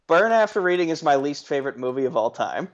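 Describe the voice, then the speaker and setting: A man co-hosting a casual podcast chat, airing strong opinions in an animated way and tripping over restarts. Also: fairly high pitch, fast, muffled recording. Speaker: podcast co-host.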